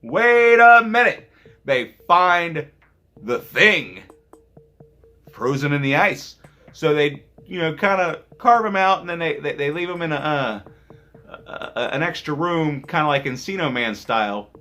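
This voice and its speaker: A man's voice: a little high, a little slow, bright, forceful tone. A man casually reviewing an old movie on his vlog, rambling and joking with profane asides.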